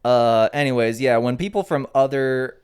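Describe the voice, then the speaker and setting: A man's voice: mid-range voice, normal speed, darkish tone, smooth. A young man co-hosting a podcast in loose casual chat, swearing freely and laughing often. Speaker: podcast co-host.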